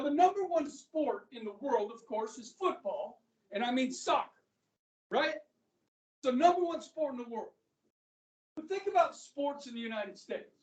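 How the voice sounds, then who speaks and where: A man lectures a history class in a loose, joking way, throwing questions out to the room. He stands well back from the microphone. The classroom gives his voice a hollow, echoing ring. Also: very high voice. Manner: casual, joking, fires rhetorical questions at students. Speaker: history teacher. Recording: echoey classroom, speaker far from the mic.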